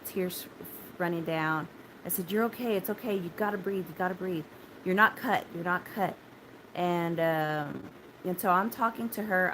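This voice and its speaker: Low-voiced woman telling a story. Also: background noise. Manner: rambling, many restarts and fillers, urgent retelling. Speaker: concert survivor telling her story. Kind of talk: casual spoken account to a phone. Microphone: phone held close.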